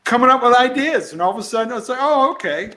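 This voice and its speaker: A man with a high, bright voice chats as a comedian guest in an interview. He tells stories in an animated way and acts out the lines he quotes with whoops and cheers. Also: very fast. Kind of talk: casual interview chat.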